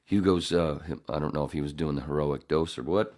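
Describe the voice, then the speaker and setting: Deep-voiced man telling a rambling story. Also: a little fast, darkish tone. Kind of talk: casual chat.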